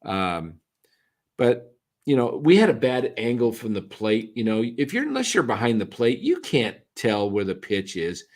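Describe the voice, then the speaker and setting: A man's voice: mid-range voice, very animated, normal speed. A man co-hosting a casual postgame talk stream, rambling and restarting his sentences often. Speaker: podcast co-host. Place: attended the game in a ballpark, now talking on a stream.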